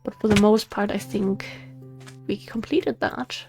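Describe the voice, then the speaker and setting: A woman's voice: medium pitch, fairly even intonation, unhurried, vocal fry, darkish tone, faint music behind. A woman casually talking through her game as the host of a let's play, chatting to the animals on screen. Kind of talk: casual gameplay commentary.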